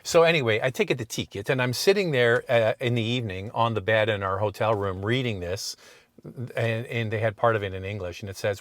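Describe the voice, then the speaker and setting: A man's voice: fairly low pitch, fairly quick, fairly bright tone, no room sound. A man co-hosting a car show, telling a rambling story in casual chat with plenty of asides and restarts.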